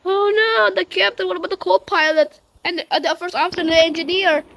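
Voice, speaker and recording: A woman narrating a playful game role-play in an animated way, voicing several characters in turn. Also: very high-pitched, fast talker, rough recording. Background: clear background music.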